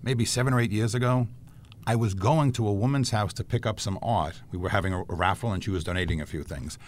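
A man's voice: lowish voice, fast talker, slight background noise. A man co-hosting a talk show, telling stories in a chatty, self-deprecating way. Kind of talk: casual talk show storytelling.

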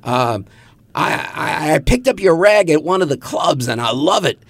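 A man's voice: a little high, lively intonation, normal speed, fairly bright tone, dry recording, pitched above the performer's own voice. A man imitating a brash male radio DJ calling on the phone, breezy and full of slang. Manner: hip slang, breezy and showy.

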